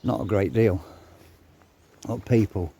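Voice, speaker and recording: A man's voice: fairly low pitch, unhurried, vocal fry, mellow, breathy edge. An older man talking casually to camera, blunt and swearing, a little out of breath. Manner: blunt, swears freely, grumbling. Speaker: vlogger. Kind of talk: casual ranting monologue.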